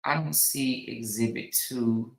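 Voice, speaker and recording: A woman's voice: a bass voice, slow, gravelly, reverberant, rough recording. A woman hosting a casual live stream, chatting with viewers in an exclamatory way. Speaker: commentary host reviewing court recordings.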